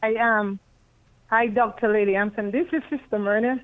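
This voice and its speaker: A woman's voice: fairly high pitch, steady tone, moderate pace. A woman from Dominica with a Dominican accent, calling in politely with a question. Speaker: caller. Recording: tinny phone line from overseas.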